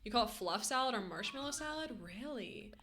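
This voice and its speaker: Bright-voiced chatty Canadian woman. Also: on the high side, lively intonation, fairly quick, slight background noise. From western Canada. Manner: chatty and giggly, lots of "like" fillers. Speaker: streamer reading chat. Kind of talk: casual live-stream chat while gaming.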